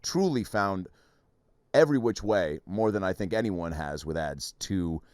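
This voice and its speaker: A man hosting a podcast, telling stories in an animated, laughing way with some swearing. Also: low voice, measured pace, dry recording, studio quality. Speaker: podcast host. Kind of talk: casual interview chat.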